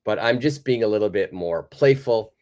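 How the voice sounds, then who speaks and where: A man teaching a live online English lesson, patiently repeating example sentences in a clear, careful way. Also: fairly low pitch, animated, normal speed, darkish tone.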